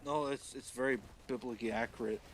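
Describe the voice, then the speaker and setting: A man's voice: medium pitch, steady tone, fast talker, a crowd in the background. A male streamer telling a comic story in casual, profane narration.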